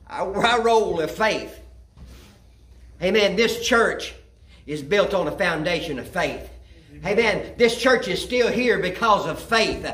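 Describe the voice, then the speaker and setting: A man's voice: sits high, animated, slow pace, a bit bright, reverberant. A man preaching a sermon in a church, folksy and rising to fervent cries of amen. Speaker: pastor. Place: church sanctuary.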